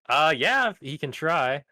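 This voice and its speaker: A man running a tabletop role-playing game as game master, narrating in a relaxed way and laughing often. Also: on the high side, takes it slowly, dry recording.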